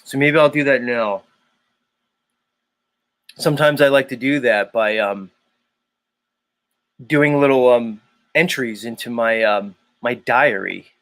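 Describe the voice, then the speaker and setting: A man hosting a live stream, ranting in a heated, profane way and then talking himself calm. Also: mid-range voice, takes it slowly, long pauses. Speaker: livestream host. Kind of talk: casual live-stream rant.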